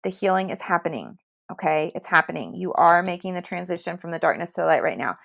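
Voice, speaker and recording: A woman's voice: lowish voice, lively intonation, fast talker, vocal fry, a bit bright. A woman giving spiritual readings on a casual livestream, chatty and reassuring, who laughs often and speaks into a computer mic at home. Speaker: tarot reader on a livestream.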